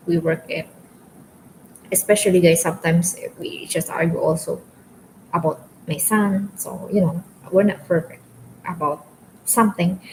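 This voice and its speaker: Woman, from the Philippines, English as second language, casual live chat, low flat voice, faint room ambience. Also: a little hiss or hum, low-quality recording. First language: Filipino language. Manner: talks openly, addresses viewers as guys. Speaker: vlogger in a live stream.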